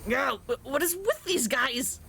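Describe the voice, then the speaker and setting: A woman streamer commenting excitedly on a video game, swearing and reacting loudly. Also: high-pitched, unhurried, vocal fry. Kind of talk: gameplay commentary.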